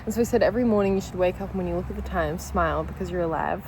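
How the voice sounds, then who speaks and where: A woman's voice: on the low side, racing, background noise. A woman chatting casually in a vlog at home over breakfast, candid and swearing freely, overwhelmed with emotion and laughing through near-tears. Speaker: vlogger. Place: at home during breakfast, with her dogs.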